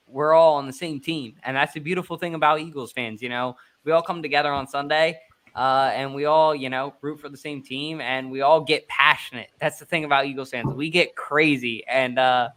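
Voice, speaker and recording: A man's voice: on the high side, pushed and bright. A man hosting a casual podcast, introducing his guest in an upbeat, hyped way. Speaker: podcast host.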